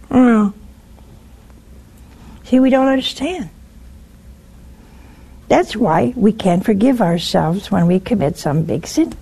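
A woman's voice: medium pitch, slow pace, vocal fry, long pauses, husky. A woman preaching a broadcast sermon, telling stories with wry humor, teasing her listeners and dropping to a whisper to stress a point. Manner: animated storytelling, dropping to a whisper for emphasis.

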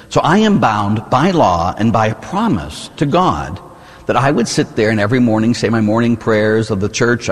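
A man's voice: mid-range voice, slightly rough, long reverb tail. A man from the United States, a Catholic priest, preaching a conversational sermon full of rhetorical "huh?" asides.

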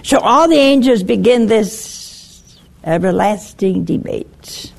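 Slow, emphatic woman preaching a sermon. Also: mid-range voice, expressive, vocal fry.

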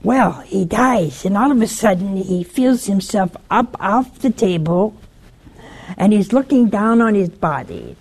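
A woman's voice: medium pitch, lively intonation, measured pace, vocal fry, a little mellow, breathy edge. A woman giving an earnest, urgent warning to listeners and telling a story in plain, direct words.

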